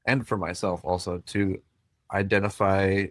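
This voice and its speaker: A man's voice: low voice, flat delivery, unhurried, fairly bright tone. A man co-hosting a casual faith podcast, laid-back and dropping wry one-liners. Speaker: podcast co-host. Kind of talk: casual conversation.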